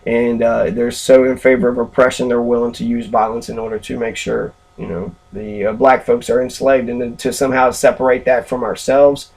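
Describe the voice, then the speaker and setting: A man's voice: mid-range voice, flat delivery, fairly quick, vocal fry, hardly any pauses, darkish tone. A man ranting about history in an angry, heavily profane way, with many filler ums. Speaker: history commentator.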